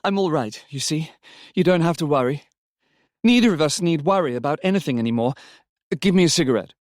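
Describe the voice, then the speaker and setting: A man's voice: a little high, lively intonation, brisk, dry recording, clean studio sound, pitched above the performer's own voice, lightly acted. A man voicing a grieving young wife who is now overjoyed and urgent, speaking breathlessly and with emphasis. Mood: reassuring. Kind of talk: audiobook character reading.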